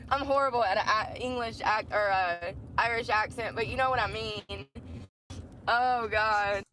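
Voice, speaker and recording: A woman's voice: fairly high pitch, unhurried, bright, forceful tone. A woman chatting in a rambling, gossipy vlog outdoors near a store. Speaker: vlogger. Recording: outdoor traffic noise.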